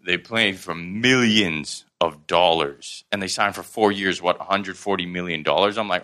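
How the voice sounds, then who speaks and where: A young man who grew up in Thailand, telling stories in a casual chat with quick animated delivery. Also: sits low. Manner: fast, animated storytelling with frequent laughs.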